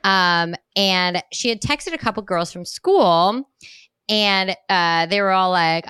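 A woman co-hosting a podcast, chatting casually as an animated storyteller who swears freely and laughs often. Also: lowish voice, moderate pace, clear, resonant tone, no echo, clean studio sound. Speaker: podcast co-host; mother of a young daughter. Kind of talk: casual chat.

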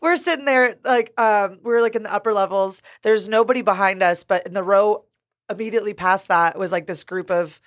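A young woman co-hosting a casual podcast, spinning a story with animated energy. She swears freely and laughs often as she talks, in a mid-range voice. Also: mid-range voice, a little fast, no room sound, clean studio sound. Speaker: podcast co-host. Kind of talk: casual chat.

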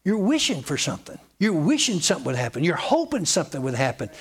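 A man's voice: on the high side, wildly swooping pitch, fast talker, husky. A man preaching a sermon in an emphatic, folksy way, hammering points home by repeating them.

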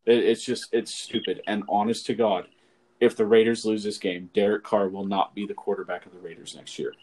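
A man with a fairly low voice talks sports on a podcast over a remote call. He speaks casually and animatedly, and "like" turns up in nearly every sentence. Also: fairly quick, low-quality recording. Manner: animated, says "like" often. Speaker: podcast co-host.

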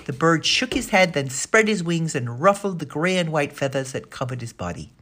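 A woman with a low, slightly husky voice reads a children's storybook aloud. Her pitch moves lively through the sentences, and she lifts her voice for the characters' lines. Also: normal speed. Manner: expressive, voices the dialogue. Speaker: narrator. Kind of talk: storybook reading.

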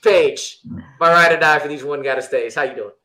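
A young man hosting a casual film panel show, talking in a playful, animated way. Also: fairly high pitch, fairly quick, low-quality recording. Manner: animated, playful, talks to camera. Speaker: host.

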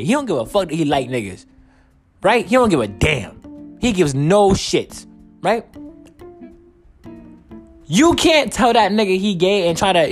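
Tired, profane young man ranting on a podcast. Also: sits high. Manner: profane, rambling, animated. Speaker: podcast host. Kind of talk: casual solo podcast monologue.

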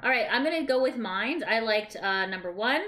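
A woman's voice: a little high, lively intonation, moderate pace, bright, forceful tone. A woman co-hosting a casual chat podcast, talking animatedly with lots of "like" and casual swearing. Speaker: podcast co-host.

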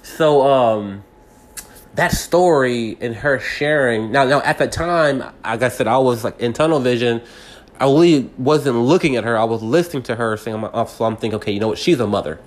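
A man's voice: medium pitch, normal speed. A man in his thirties talking through a personal story in a rambling way, full of restarts and fillers. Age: 30s. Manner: grows heated and agitated when angry. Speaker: podcast host. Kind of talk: personal reflective monologue.

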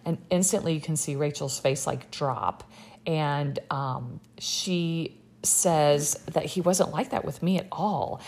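Low-voiced, gravelly young woman chatting. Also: takes it slowly, darkish tone, a little hiss or hum. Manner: chatty and sarcastic, many fillers. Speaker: podcast host recapping a reality show. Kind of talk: casual chat.

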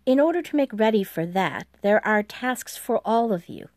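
In an audiobook, a woman voices a composed female US president who enunciates carefully and precisely, delivering a formal briefing. Her medium-pitched, expressive voice has a darkish tone and moderate pace, raised a bit above her natural register yet close to everyday speech, in a dry recording.

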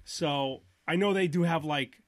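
A man's voice: on the high side, a little slow, no echo, clean studio sound. A man hosting a podcast, telling a long story in casual chat and acting out both sides of phone calls. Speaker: podcast host.

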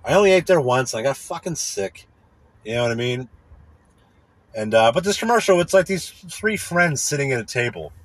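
A man hosts a podcast in a casual rant, complaining with irritation in a profane, rambling way and often asking "you know what I mean." His medium-pitched voice has lively intonation and a moderate pace, and the recording is dry.

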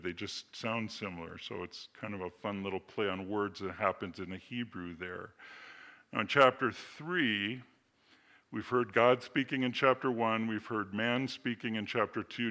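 Bright-voiced man preaching a sermon. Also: lowish voice. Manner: expository teaching, reads scripture slowly, asides and rhetorical questions. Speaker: pastor.

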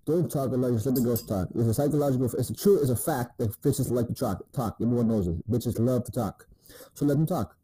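A man's voice: medium pitch, fast talker, dark tone, slightly rough, low-quality recording. A man giving laid-back, profane dating advice in a rambling casual monologue, often asking "you know what I mean".

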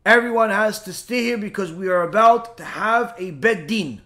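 A man voicing a revered old rabbi and sage who calmly commands and reassures a frightened congregation. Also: sits high, normal speed. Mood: commanding.

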